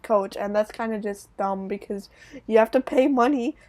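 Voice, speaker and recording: A woman's voice: fairly high pitch, moderate pace, a little mellow. A young woman with a light British accent, co-hosting a podcast in loose, rambling casual chat and laughing easily. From Britain.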